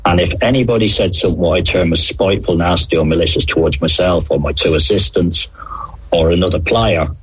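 Husky, low-pitched man, middle-aged, lively storyteller, on radio. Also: brisk, low-quality recording. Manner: animated anecdotes, acts out quoted players. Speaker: former referee, interview guest. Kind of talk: conversational interview storytelling.

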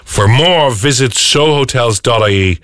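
A man's voice: medium pitch, lively intonation, moderate pace, a bit bright, a little hiss or hum. A middle-aged Irish man hosting casual morning radio chat, rambling and playful as he tells a story. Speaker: radio host.

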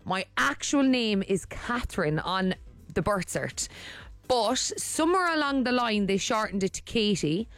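A woman's voice: medium pitch, animated, measured pace, a bit bright, faint music behind. A woman co-hosting a morning radio show, telling a rambling story in casual chat with lots of restarts. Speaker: radio co-host. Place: radio studio. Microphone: studio microphone.

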